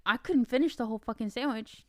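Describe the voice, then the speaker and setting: A podcast co-host with a slightly high, somewhat mellow voice talks quickly and casually about a film, swearing freely and acting out her own reactions. The recording is dry with clean studio sound.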